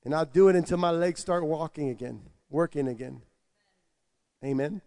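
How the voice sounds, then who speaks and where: A man preaching a personal testimony, telling it animatedly with stammered restarts and swinging from hushed asides to loud excited shouts. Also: fairly high pitch, moderate pace, gravelly. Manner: animated storytelling with stammered restarts and made-up tongue syllables. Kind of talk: testimony sermon.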